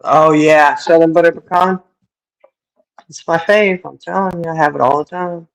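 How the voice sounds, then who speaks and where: A middle-aged host chats casually on her livestream, frequently laughing while she answers viewers through a streaming microphone. She speaks at a moderate pace in a low voice with fairly even intonation, and the audio is poor.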